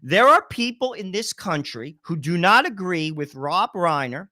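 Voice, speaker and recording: A man co-hosting a political talk show, explaining his views in a deliberate, lecturing way. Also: high-pitched, very animated, bright, forceful tone, dry recording, studio quality. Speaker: co-host.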